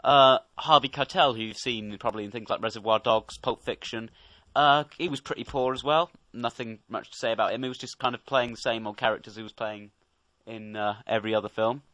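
A man's voice: medium pitch, fairly even intonation, brisk, bright, forceful tone, no echo. A young man co-hosting a casual podcast, giving a chatty, wry film review and laughing easily. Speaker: co-host.

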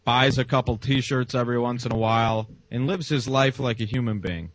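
A man's voice: mid-range voice, brisk, no room sound. A man hosting a show, chatting casually in a blunt, teasing, sarcastic way. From United States. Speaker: show host. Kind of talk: casual interview chat.

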